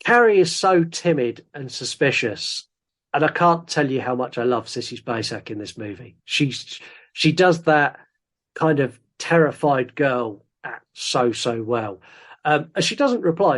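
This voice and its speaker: A man's voice: mid-range voice, animated, measured pace. A man co-hosting a podcast, recapping a film plot in casual chat and cracking dry jokes between laughs. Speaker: podcast co-host.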